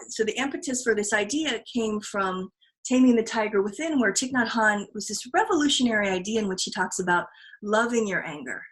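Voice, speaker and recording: A woman's voice: mid-range voice, a bit bright, low-quality recording. A woman hosting a podcast, talking in an earnest, reflective way that is full of restarts. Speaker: podcast host. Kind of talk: casual podcast conversation.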